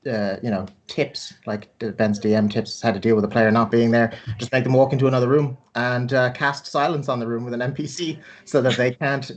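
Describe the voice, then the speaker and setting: A man's voice: medium pitch, flat delivery, brisk, few pauses. A man with an Irish accent, a tabletop game player, recapping in dry, rambling jokes. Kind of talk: casual chat recapping a game.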